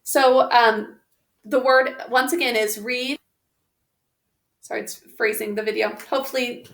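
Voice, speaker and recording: A woman's voice: fairly high pitch, fairly even intonation, unhurried, a bit bright. A woman teaching a spelling lesson on video, patiently sounding out words one sound at a time. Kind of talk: slow, careful spelling lesson. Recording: roomy echo.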